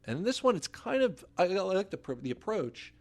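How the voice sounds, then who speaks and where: A man's voice: high voice, big pitch swings, fairly quick, a little mellow. Blunt, opinionated man giving film takes. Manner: blunt, opinionated, swears casually. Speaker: podcast co-host. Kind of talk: casual film chat.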